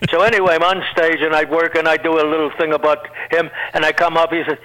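An older man, a veteran comedian, tells stories in a high, bright voice. He rambles from one anecdote to the next and slips into quick put-on voices for the people in them. It sounds like a radio broadcast. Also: flat delivery, low-quality recording. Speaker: guest comedian. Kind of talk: storytelling interview.

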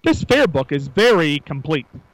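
Lively, bright-voiced male radio co-host. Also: a little high, normal speed, dry recording, rough recording. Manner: chatty, lists details eagerly. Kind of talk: casual on-air chat. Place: outdoors at a county fair.

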